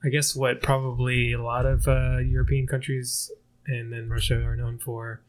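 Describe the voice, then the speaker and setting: A man's voice: mid-range voice, level tone, normal speed, slight background noise. An American man hosting a casual podcast chat over drinks, joking and laughing often. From United States. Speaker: podcast host.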